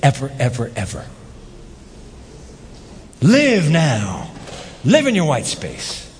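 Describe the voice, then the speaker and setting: A man preaching a sermon as pastor, animated, with rhetorical questions and emphatic repetition. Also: mid-range voice, slow, long reverb tail, slight background noise.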